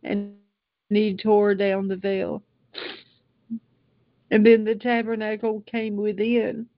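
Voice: mid-range voice, flat delivery, slow pace, no echo, lo-fi sound. An older Bible teacher reading scripture aloud and stopping often for heartfelt asides.

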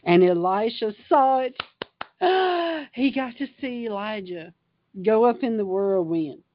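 In an unhurried, mid-range voice, a woman preaches fervently and emphatically on a casual livestream, reading from scripture before riffing on it. The highs are cut off and there's slight background noise.

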